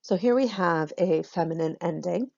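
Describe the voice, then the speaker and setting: Female teacher, low voice with some fry, relaxed explanatory lesson delivery, dull dry recording. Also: normal speed, dry recording. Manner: relaxed explanatory, frequent ums. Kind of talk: recorded lesson on Shakespeare's meter.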